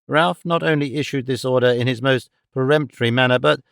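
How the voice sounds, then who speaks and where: A man narrating a classic novel as an audiobook, with a measured, formal storytelling delivery. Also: medium pitch, steady tone, gravelly, clean tone, no echo, clean studio sound.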